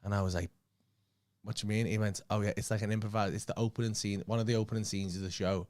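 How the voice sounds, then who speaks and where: With a fairly low pitch and a fast delivery, a podcast co-host and comedian from Liverpool tells a story casually. He acts out others' words, swears without restraint, and keeps the telling lively.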